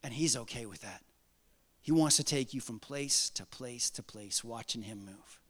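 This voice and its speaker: A man in his forties preaching a sermon as pastor, animated, acting out prayers in different voices with joking asides. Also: medium pitch, moderate pace, big-room sound.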